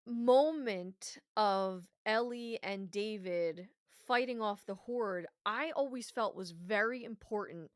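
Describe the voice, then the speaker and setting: A woman's voice: mid-range voice, a bit bright, no echo, clean studio sound. Passionate, swearing woman podcast co-host. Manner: passionate, emphatic, swears freely. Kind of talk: casual review chat.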